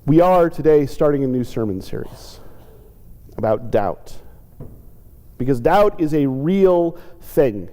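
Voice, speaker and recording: A man's voice: animated, takes it slowly, long pauses, mellow. A male pastor giving a reflective sermon, sometimes voicing the pleas of people he describes. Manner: reflective, acts out quoted pleas with lifted pitch. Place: church sanctuary. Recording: church sanctuary with long reverb.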